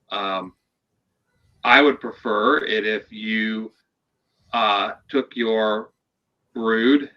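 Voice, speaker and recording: Male player, lowish voice, slow, hesitant, muffled call audio. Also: pushed and bright. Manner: slow and hesitant, many fillers. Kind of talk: playing a character at a tabletop game.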